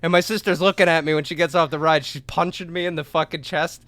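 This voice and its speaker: A young man with a bright, forceful, fairly high voice tells a story on a casual podcast. He swears freely, acts out other people's voices, and shouts at the climax. The sound is dry and close. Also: steady tone, quick pace, dry recording. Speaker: podcast co-host.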